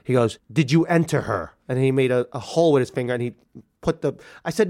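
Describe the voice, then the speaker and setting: A man in his thirties telling a personal story, animated and acting out the people he quotes. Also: medium pitch, fast. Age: 30s. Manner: animated, acts out quoted voices. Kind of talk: personal story told to a radio audience.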